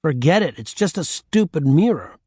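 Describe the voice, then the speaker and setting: A man's voice: on the high side, moderate pace, breathy edge, dry recording, clean studio sound. A man voicing a bold, frustrated young girl in an audiobook. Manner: exasperated, excited cries.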